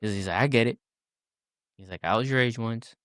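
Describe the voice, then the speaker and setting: A man's voice: mid-range voice, a little fast, fairly bright tone, smooth, no echo, clean studio sound. A man in his twenties, a podcast guest, telling a casual story and acting out the people in it with many fillers and restarts.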